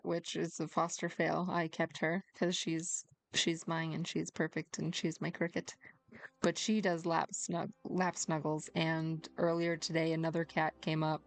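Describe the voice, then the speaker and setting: A woman's voice: fairly low pitch, gravelly. A young woman streamer chatting casually and giggly with her viewers, reading and answering their comments. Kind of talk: casual chat.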